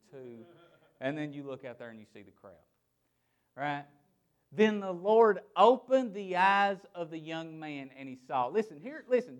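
A male pastor preaching a sermon to a small church congregation, reading scripture aloud and breaking into laughing asides. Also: high voice.

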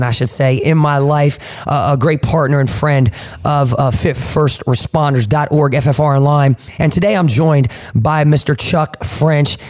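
A man's voice: a little high, a little mellow. Fired-up man with a Jersey accent. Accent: New Jersey. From New Jersey. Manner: hype, motivational, calls people man and boss. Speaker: podcast host. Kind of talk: energetic podcast chat. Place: studio.

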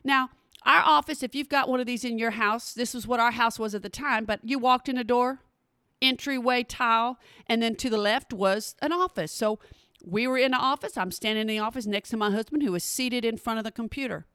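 A woman, telling a personal story in an animated, emphatic way and speaking straight to her listeners. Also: a little high, brisk, clear, resonant tone, no echo, clean studio sound.

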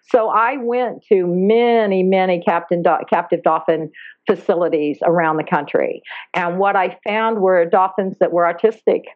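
A woman talks as an interview guest in an animated, storytelling way. She slips into the voices of people she quotes. Her voice sounds dry, with a dull, muffled line. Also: fairly low pitch, moderate pace, dry recording. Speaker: guest, dolphin therapy program founder. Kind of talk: casual interview talk. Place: Maui, Hawaii.

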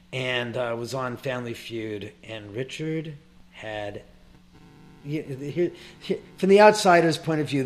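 Guy spinning a story, swears a lot, a bit higher-pitched, keeps tripping over and restarting his words. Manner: animated, profane, repeats and restarts often. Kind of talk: casual anecdote telling.

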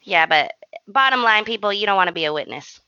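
Lively slangy woman telling a story. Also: medium pitch, fairly quick, no room sound, dull audio. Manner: animated, slangy, self-mocking storyteller. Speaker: podcast co-host. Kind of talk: casual storytelling chat.

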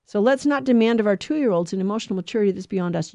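A woman's voice: mid-range voice, expressive, fast talker, few pauses, warm tone, no room sound. A middle-aged woman giving an earnest religious teaching talk on family life, stressing points by repeating words. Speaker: Catholic speaker on family life.

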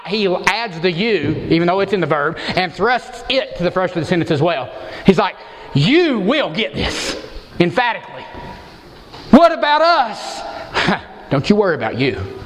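A man's voice: high-pitched, a bit bright, a little hiss or hum. A man preaching an expository sermon as pastor, emphatic and posing rhetorical questions to the congregation. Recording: long hall reverb.

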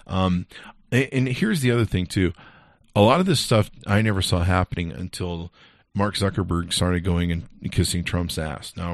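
A man's voice: sits low, dry recording, clean studio sound. A male podcast host ranting angrily and profanely in a casual monologue. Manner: angry, profane, animated storytelling.

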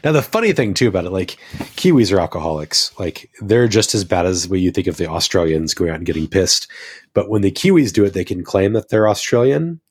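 An American man with a very low, deep voice, chatting casually on a podcast. He tells stories with enthusiasm and tends to ramble. His tone is relaxed and conversational. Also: a little fast, slightly rough. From United States. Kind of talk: casual chat.

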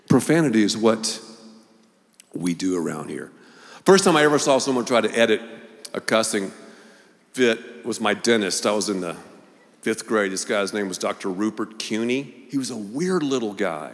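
A man's voice: fairly low pitch, normal speed. Storytelling male pastor in echoing hall. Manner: animated storytelling, acting out voices. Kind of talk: sermon. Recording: long reverb of a large hall.

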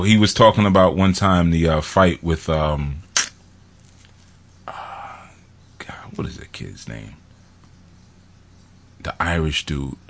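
Deep-voiced man rambling in a casual monologue. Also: fairly bright tone. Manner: rambling, laughing, acting out quotes.

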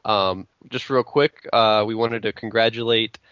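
Bright-voiced podcast co-host man. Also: lowish voice, fairly even intonation, unhurried, smooth, no room sound, dull audio. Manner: jokey, laughs a lot. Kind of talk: casual podcast banter.

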